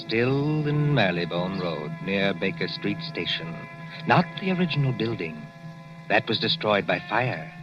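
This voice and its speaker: Casting: male narrator for an old radio thriller, low and measured, muffled sound with music under. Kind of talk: 1940s radio drama narration. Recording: dull 1940s radio broadcast with music.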